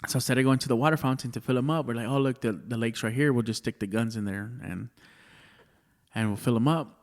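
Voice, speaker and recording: Man, thirties, comedian guest, casual podcast chat, rambling storyteller, curses often, medium pitch. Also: fast talker. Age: 30s. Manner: rambling storyteller, swears a lot, says "dude" often.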